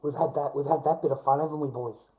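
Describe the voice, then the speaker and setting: A man's voice: on the high side, fairly even intonation, fast talker, mellow, rough recording. A middle-aged Australian man ranting on his live stream, swearing heavily and calling the listener "mate". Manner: swears heavily, says "mate" a lot, mocking laughs. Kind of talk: casual ranting monologue.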